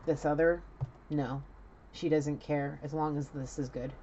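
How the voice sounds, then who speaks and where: A woman's voice: low voice, fairly even intonation, a little slow, mellow, muffled recording, slight background noise. A woman doing an intuitive reading, talking casually and emotionally and swearing freely. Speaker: intuitive reader.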